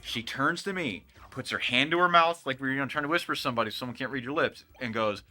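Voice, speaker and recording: Over faint music, this man speaks quickly in a mid-range voice. He's a co-host spinning a casual work anecdote during gameplay, animatedly performing each character in it.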